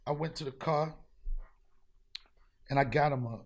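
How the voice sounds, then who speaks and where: A man hosting a podcast, telling a street story in casual chat, profane and animated, acting out the people he met. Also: on the high side, a little slow. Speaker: podcast host.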